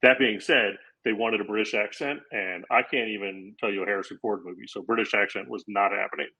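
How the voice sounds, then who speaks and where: Speaking briskly in a lowish voice with a breathy edge, this forties-aged man from Florida is a comedian appearing as a podcast guest. Over a low-quality recording, he spins a long, lively story, performing quoted lines and laughing along in casual conversation.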